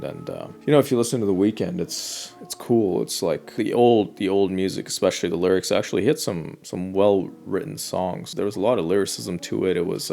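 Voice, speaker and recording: A man's voice: low-pitched, vocal fry, a little mellow. A man giving blunt, ranting reaction commentary on online comments and swearing freely.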